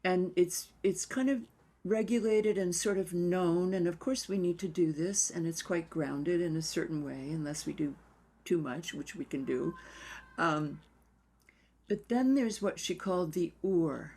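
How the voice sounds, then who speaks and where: An older woman dance therapist telling stories in an interview in a reflective, unhurried way, sometimes dropping to a near whisper. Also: fairly low pitch, darkish tone, breathy edge.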